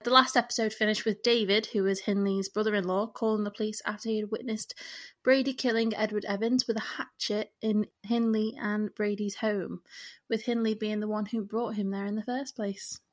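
A woman from northern England with a northern English accent, co-hosting a casual true crime podcast and recapping cases in a relaxed way. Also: mid-range voice, normal speed. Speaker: podcast co-host.

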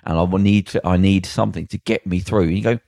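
A man's voice: low voice, steady tone, fast, creaky, darkish tone, no echo, studio quality. A young man co-hosting a casual podcast, telling blunt, rambling stories full of slang and mimicked voices. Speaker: podcast co-host.

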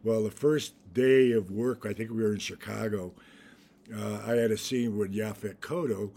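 There's vocal fry in this older man's low-leaning voice, which moves at a moderate pace. An actor guest in an interview, he's an animated storyteller who restarts often, laughs a lot, and acts out quotations.

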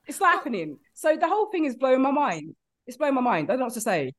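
A woman guest on a comedy podcast, ranting in an animated comic style. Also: high voice, quick pace.

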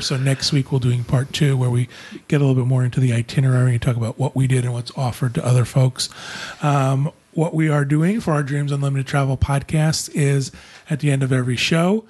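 A man hosting a casual travel podcast, friendly and relaxed as he wraps up the show. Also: mid-range voice, slightly rough. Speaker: podcast host, travel agent.

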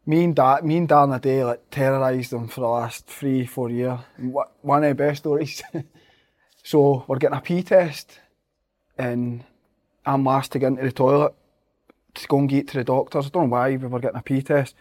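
A man's voice: medium pitch, fairly even intonation, moderate pace, a little mellow. A Scottish man, a footballer guest, telling stories in casual chat, swearing freely and laughing as he goes.

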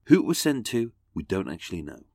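A man's voice: low voice, sing-song, quick pace, darkish tone, dry recording. A man narrating a scripted talk with sarcastic, theatrical asides. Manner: mocking, theatrical. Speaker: podcast host.

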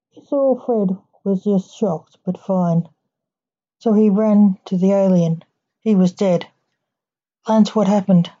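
A woman reading a short story aloud in plain, unhurried storytelling, as a podcast storyteller, on a dull lo-fi recording. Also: medium pitch, mellow.

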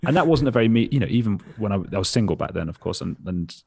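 A man's voice: fairly low pitch, animated, very fast, vocal fry, a little mellow, breathy edge, no echo, clean studio sound. A man in his thirties, a podcast guest in casual chat, rambling and self-mocking, laughing often and swearing casually. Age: 30s.

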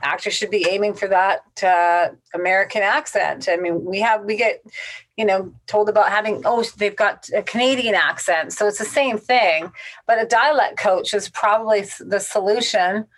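A woman speaks as a casting director in a casual interview. Her manner is blunt and straight-shooting, and she gives direct advice without softening it. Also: medium pitch, steady tone, normal speed.

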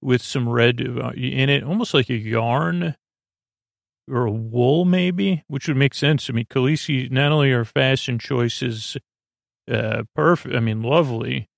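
A man's voice: mid-range voice, measured pace, creaky, no room sound, studio quality. A man hosting a sleep-aid podcast, recapping an episode in a meandering, hesitant way as he thinks aloud. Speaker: podcast host.

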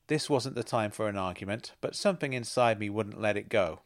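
A man's voice: fairly low pitch, brisk, hardly any pauses, dry recording, clean studio sound. A man reading his own first-person story in a reflective, wry manner. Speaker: narrator and author.

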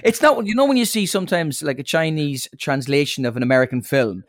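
A man's voice: on the high side, animated, no room sound, clean studio sound. An Irish man co-hosting a podcast in casual comedic chat, riffing and playful. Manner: riffing, playful, quick to joke. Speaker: podcast co-host.

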